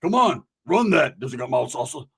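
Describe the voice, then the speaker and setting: A storyteller putting on a down-and-out grown man who whines and wheedles, raspy and gravelly, every plea tacked onto "brother". The delivery comes fast and pushy. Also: on the high side, big pitch swings, a bit bright, full character voice. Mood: eager. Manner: whiny, keeps calling the listener brother. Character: broke, pleading grown man pal.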